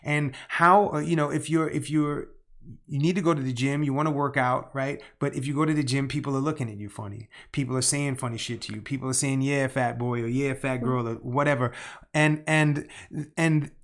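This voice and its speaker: A man's voice: medium pitch, steady tone, a little fast, a bit bright. A man co-hosting a podcast, a healthcare professional, talking heatedly with many stumbling restarts and some swearing. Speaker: podcast co-host. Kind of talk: casual podcast discussion.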